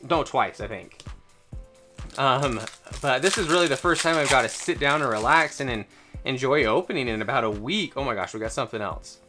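Excitable host with a lively, bouncing voice. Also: mid-range voice. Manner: excitable, gasping exclamations, breaks into fast counting. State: voice strained from excitement. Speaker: card-opening channel host. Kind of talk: excited unboxing commentary.

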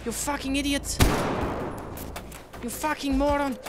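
A woman gaming streamer giving excitable gameplay commentary, with loud outbursts, swearing and jokes. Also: high voice, measured pace, pauses often. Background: background music.

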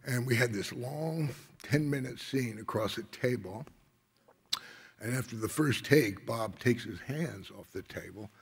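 Older man, unhurried and gravelly, rambling acceptance-speech storyteller; hall reverb. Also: medium pitch. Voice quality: gravelly and husky. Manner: laid-back, rambling, with many filler phrases. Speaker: award honoree giving a speech. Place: large concert hall.

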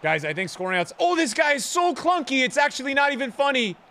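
Streamer: male, bright and lively voice, sarcastic play-by-play with frequent outbursts. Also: extremely high pitch, fast talker, slight background noise. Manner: sarcastic, bantering, often shouting at the game. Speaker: gaming streamer. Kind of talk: live gameplay commentary.

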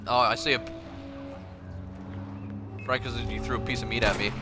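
A man chatting and swearing loudly while playing a co-op shooter with friends, reacting with quick outbursts and laughter. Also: medium pitch, fairly even intonation, loud music behind the voice. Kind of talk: casual gameplay chat.

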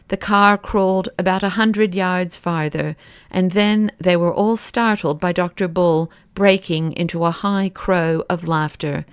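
A woman narrating a classic novel as an audiobook, in a steady, expressive way. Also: lowish voice, unhurried, clean tone, no room sound, studio quality. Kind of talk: scripted narration.

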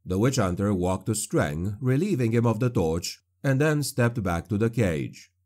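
Grave low-voiced male narrator. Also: expressive, unhurried, a little mellow. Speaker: audiobook narrator. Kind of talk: scripted fantasy audiobook narration.

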